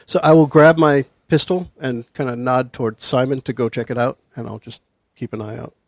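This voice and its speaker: Gravelly-voiced man playing a tabletop game. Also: medium pitch, fairly even intonation, a little fast, no room sound. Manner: jokey, laid-back in-character chatter. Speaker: player. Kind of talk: casual tabletop play.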